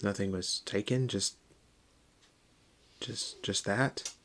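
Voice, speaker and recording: A man's voice: on the low side, fairly even intonation, slow, a bit bright, slight background noise. A man voicing a grieving young male elf who stammers when shaken.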